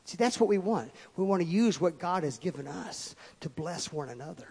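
A man's voice: fairly high pitch, lively intonation, normal speed, creaky, few pauses, slightly rough. Emphatic man preaching in a hall. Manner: emphatic, swings from loud to quiet asides. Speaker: pastor. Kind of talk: sermon. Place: church sanctuary. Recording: long reverb of a church hall.

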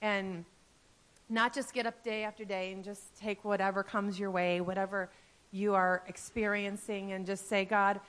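Pastor's wife in her 50s talking at church, heartfelt and earnest, mid pitch, lots of ums. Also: little pitch movement, normal speed, smooth. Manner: heartfelt, earnest, with soft laughs and fillers. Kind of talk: church message. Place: church sanctuary.

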